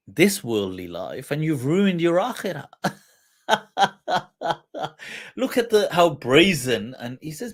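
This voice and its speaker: A male livestream host in a storytelling lesson, his pitch swinging widely as he acts out the dialogue. He rattles off Arabic quotations quickly before explaining them in English, with a few Urdu phrases along the way. His voice sits in an average male register. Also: husky. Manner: animated retelling with quoted dialogue and laughs; quotes Arabic rapidly, then translates.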